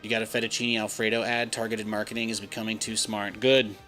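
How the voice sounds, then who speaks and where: A man's voice: fairly low pitch, flat delivery, fast, bright, forceful tone, soft background music. A man in his thirties giving casual, rambling live-stream commentary while he plays, with lots of "like" in his chatter. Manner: chatty, rambling, heavy use of "like". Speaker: game streamer.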